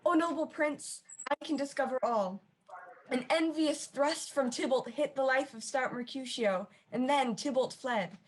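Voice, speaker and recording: A woman's voice: high voice, unhurried, slight background noise. A woman playing a forthright young nobleman who speaks urgently in a staged reading.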